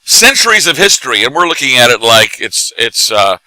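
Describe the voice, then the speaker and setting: A middle-aged man, drunk, telling animated stories in casual bar chat as a guest who acts and teaches comedy. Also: medium pitch, brisk, dry recording, rough recording. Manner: animated, laughing, tipsy anecdotes.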